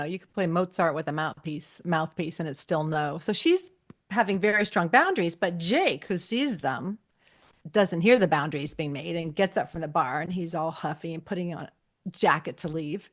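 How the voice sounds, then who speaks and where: A woman's voice: on the low side, normal speed. Woman co-host animatedly recapping an episode. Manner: animated retelling, acting out dialogue. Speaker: podcast co-host. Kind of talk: casual episode recap chat.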